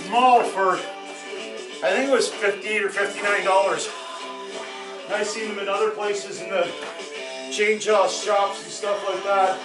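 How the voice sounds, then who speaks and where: A folksy man with an Ontario Canadian accent, talking casually to his viewers while he splits wood and grills in a garage on a cold rural farm. His voice sits a little higher than most men's and drifts as he turns from the camera mic, with music playing behind him. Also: steady tone, measured pace, pauses often, low-quality recording. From Northern Ontario, Canada. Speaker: homesteading vlogger. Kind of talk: casual narration while working.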